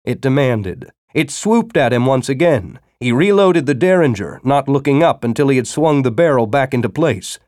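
A man narrating a science-fiction story as an audiobook, with expressive storytelling. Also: medium pitch, moderate pace, hardly any pauses, no echo, studio quality.

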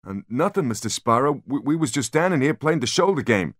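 A slow, dim-witted bodyguard who stumbles over his words, as a man voices him for an audiobook. The pitch is raised above the reader's low natural register. The recording is dry and close. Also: sing-song, fairly bright tone, no room sound. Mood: flustered.

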